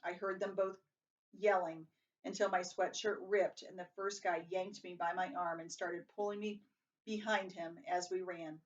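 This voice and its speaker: Unhurried and fairly even in intonation, a woman's voice reads a novel aloud, getting higher and louder for the characters' lines. There are some slips and restarts, and the home recording sounds distant, dull, and lo-fi.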